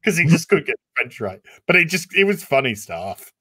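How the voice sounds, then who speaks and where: Male live-stream co-host reading super chats: bright, forward tone, loose and profane. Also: on the high side, brisk, slightly rough. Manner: profane, laughing, animated. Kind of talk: casual live-stream chat.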